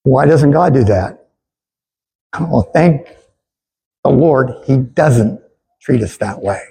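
A man's voice: mid-range voice, animated, takes it slowly, vocal fry, dark tone, slight background noise, poor audio. A man preaching a sermon in an earnest way, with stammered restarts, and he asks the congregation to repeat lines after him. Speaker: pastor.

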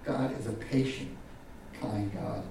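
A man's voice: steady tone, slow pace, distant mic, a little hiss or hum. Man preaching in an echoey hall. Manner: preaching with wide swings in pitch and loudness, repeating words. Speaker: pastor. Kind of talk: sermon.

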